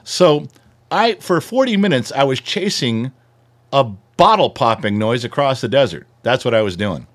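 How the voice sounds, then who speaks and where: A middle-aged man spins a casual story with animated energy and plenty of swearing. His pitch jumps around a lot as he talks. The sound is that of an informal co-host at the mic. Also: moderate pace. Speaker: podcast co-host. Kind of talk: casual chat.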